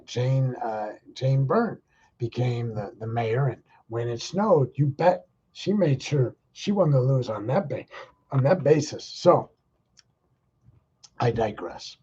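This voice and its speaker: A man's voice: medium pitch, animated, slow pace, warm tone, breathy edge, muffled recording. A man hosting his own show, ranting in a rambling, exasperated, profane way. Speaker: podcast host. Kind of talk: casual ranting monologue.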